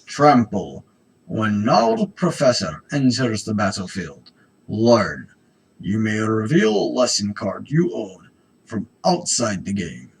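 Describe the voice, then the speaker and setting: A man voicing a slow, booming male mushroom creature, stretching his words out loudly. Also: sing-song, vocal fry, slightly rough, full character voice. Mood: ominous.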